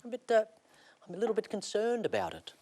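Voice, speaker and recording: A man's voice: high voice, wildly swooping pitch, fast talker, a little mellow. A man hosting a comedy show, teasing and playful with his guest. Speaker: show host.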